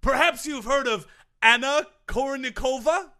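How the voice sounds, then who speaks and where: A man's voice: extremely high pitch, unhurried, sharp tone, heavily acted. A man playing a pompous eccentric grunt coach. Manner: pompous, theatrical, over-the-top. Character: smug eccentric male tennis grunt coach. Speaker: comedy podcast sketch performer. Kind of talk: improvised comedy sketch.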